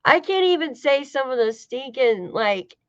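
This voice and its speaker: A woman from the United States chats through a casual livestream with a slightly high voice, swearing and laughing as she goes. The sound is dull and lo-fi, with a dry close feel and no room echo. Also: expressive, a little slow, fairly bright tone, clear, resonant tone. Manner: chatty, swears, laughs often, talks to chat. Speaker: true-crime livestream host.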